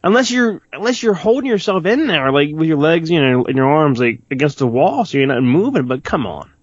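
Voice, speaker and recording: A man's voice: fairly high pitch, very animated, fairly quick, dry recording. A man co-hosting a casual podcast chat about a film, agreeable and joking, with frequent sighs and laughs. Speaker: podcast co-host. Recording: dull dry lo-fi sound.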